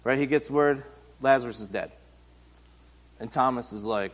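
A man's voice: mid-range voice, normal speed, long pauses. A man giving a casual, conversational sermon, retelling Bible stories in everyday speech. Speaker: pastor and teacher. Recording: reverberant hall.

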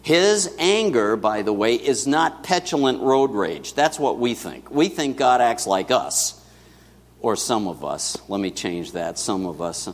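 Man, sermon, conversational preaching, animated delivery, echoing sanctuary. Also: medium pitch, measured pace. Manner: conversational preaching with asides to the congregation. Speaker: pastor. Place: church sanctuary. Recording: long church reverb.

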